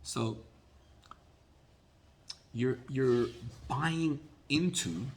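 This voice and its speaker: A man teaching a Torah class as a rabbi, telling a story in an animated way and often repeating words. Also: mid-range voice, very slow.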